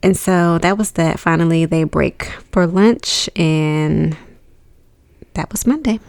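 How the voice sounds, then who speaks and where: A woman with a low, gravelly voice tells the story in a relaxed, casual way. The recording is dry and close, with no room sound. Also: slow pace, dry recording. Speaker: podcast co-host. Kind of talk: casual recap chat.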